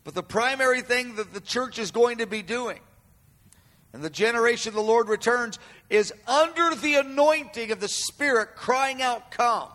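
Guy preaching a sermon, high bright voice, lots of hall reverb, keeps repeating himself for emphasis. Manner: emphatic, repeats phrases, swells loud and slow on quoted cries. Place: room with an audience.

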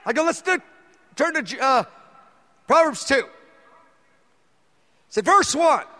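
Man preaching, very high voice, lively pitch, bright tone, echoing hall. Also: slow pace. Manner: animated, acts out dialogue in his story. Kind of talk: sermon storytelling. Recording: long hall reverb.

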